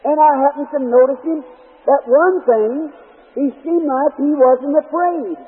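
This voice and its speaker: A man's voice: extremely high pitch, unhurried. A man preaching a sermon as a story, in folksy rural speech with fervent, emotional swells. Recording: tinny lo-fi old recording in a reverberant hall.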